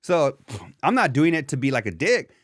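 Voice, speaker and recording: A man's voice: a little high, very animated, normal speed, dry recording, studio quality. Rambling, foul-mouthed young podcast co-host, a man. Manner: rambling, profane storytelling with many fillers. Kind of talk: casual chat.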